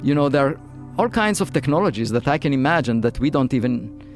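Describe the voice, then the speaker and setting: A man, a physicist guest, talking through an interview with many pauses, fillers and restarts. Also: mid-range voice, expressive, soft background music. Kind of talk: interview conversation.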